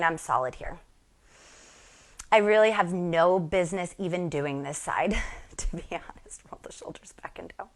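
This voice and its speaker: A woman's voice: mid-range voice, a bit bright. Chatty woman coaching while exercising. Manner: chatty, self-deprecating, talks while exercising. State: strained from exertion. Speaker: fitness instructor. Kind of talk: exercise demonstration with chatty asides.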